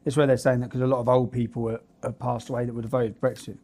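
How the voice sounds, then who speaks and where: A man's voice: mid-range voice, little pitch movement, racing, darkish tone. A man, reading news stories aloud and ranting about them in a blunt, indignant, slangy way.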